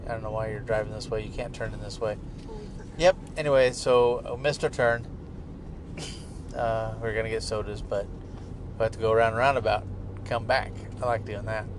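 A man's voice: lowish voice, fairly even intonation, normal speed, pauses often. A middle-aged man hosting a podcast, talking in a casual, profane, joking ramble from inside a moving car. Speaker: podcast host. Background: car and traffic noise.

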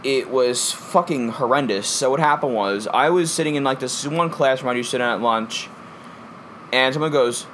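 A young man co-hosting a podcast, chatting casually and telling animated, profane stories. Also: medium pitch, normal speed, slight background noise. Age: young adult. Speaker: podcast co-host. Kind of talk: casual chat.

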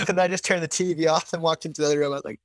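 Fast-talking, excited man chatting. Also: fairly high pitch, no room sound. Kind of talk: casual chat.

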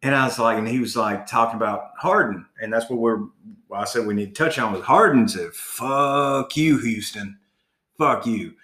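A man's voice: on the low side, fast, fairly bright tone. Male co-host, heated profane sports rant, roomy echo. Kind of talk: casual sports chat.

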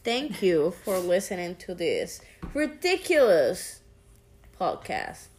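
A woman's voice: on the low side, very animated, slow, darkish tone. A woman with a Hispanic accent and a sore throat, co-hosting a casual podcast with her girlfriend, talkative and teasing. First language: Spanish. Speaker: podcast co-host. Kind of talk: casual chat.

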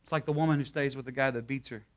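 A young guest pastor preaches rapid-fire in a steady, medium-pitched voice to a live church congregation. His approach is folksy and relaxed: first a story, then a prayer he leads.

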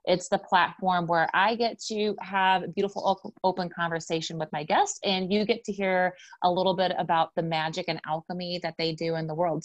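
A woman's voice: lowish voice, no room sound. A woman hosting a spiritual podcast, talking in an effusive, gushing way as she introduces and chats with a friend. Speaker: podcast host.

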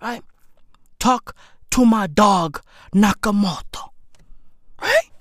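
A woman rants in a high, wildly swinging voice, bragging and cursing while she calls her listeners bruv. She talks slowly and deliberately, and the close recording is dry with no room sound. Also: animated, no room sound. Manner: boastful, slangy, shouty and laughing, calls listeners bruv. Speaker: comedic podcaster. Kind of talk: profane comedic rant monologue. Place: at home, neighbor's dog nearby.

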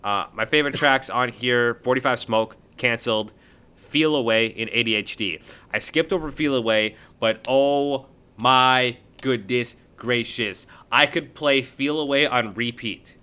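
Bright-voiced man gushing over an album. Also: mid-range voice, normal speed, clean tone. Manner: enthusiastic, gushing. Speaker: podcast co-host. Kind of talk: casual album review chat.

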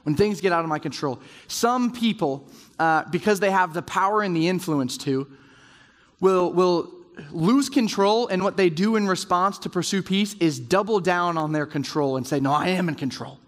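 A man's voice: high voice, normal speed, in a large hall. A man giving a conversational sermon to a room of men, acting out quoted inner voices as he goes. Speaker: speaker at a men's group. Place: large room with round tables.

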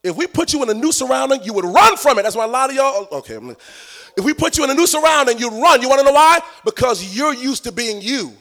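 A male preacher delivering a sermon in a sing-song cadence, swelling into shouts and addressing the congregation directly. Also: very high-pitched, big pitch swings, fast.

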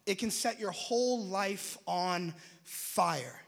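A young man preaching a sermon in an animated, conversational way, in a large church hall. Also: high voice, takes it slowly, vocal fry. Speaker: pastor. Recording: long hall reverb.

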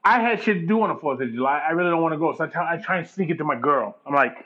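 Animated profane man telling a story. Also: fairly high pitch, racing, lo-fi sound, slight background noise. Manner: animated, profane, mimics people in his story.

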